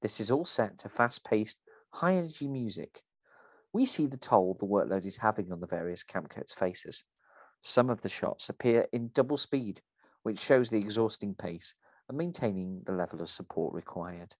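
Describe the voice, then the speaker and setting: A man's voice: on the low side, lively intonation, moderate pace, dry recording. A man co-hosting a podcast, reading a script aloud and discussing it with a theatrical delivery.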